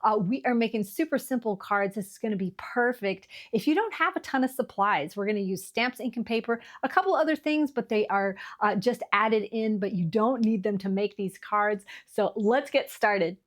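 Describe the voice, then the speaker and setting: A woman hosting a relaxed craft tutorial, chatty and encouraging, with frequent fillers as she works at her table. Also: mid-range voice, normal speed, few pauses. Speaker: card-making channel host.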